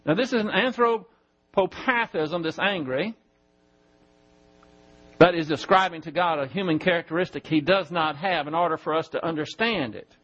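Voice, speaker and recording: A man preaching a sermon in a church, teaching Bible verses and slowly spelling out Greek words. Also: on the high side, fairly bright tone, highs cut off. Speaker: pastor.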